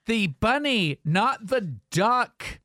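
A man's voice: extremely high pitch, lively intonation, very slow, pushed and bright, no room sound, clean studio sound. Playful male morning radio host. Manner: playful, joking, reads callers' names and towns. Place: radio studio. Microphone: studio microphone.

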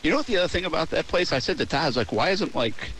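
A man's voice: a little high, expressive, racing, fairly bright tone. A male sports radio host calling in from outdoors at a ballpark, chatting loosely and rambling with plenty of fillers. Faint rain noise sits under his voice. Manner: rambling, easygoing, many fillers. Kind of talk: casual radio chat.

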